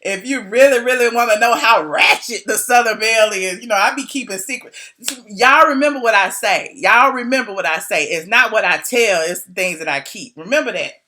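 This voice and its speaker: A middle-aged woman blogger spilling gossip to her viewers in casual speech, acting out quotes in a high voice and laughing often. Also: fairly quick, pushed and bright. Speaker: blogger doing a live video.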